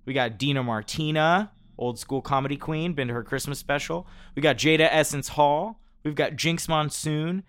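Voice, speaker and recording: A man's voice: a little high, moderate pace, hardly any pauses, fairly bright tone, smooth. A man hosting a casual chat, reading out lists of nominees and laughing often. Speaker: host.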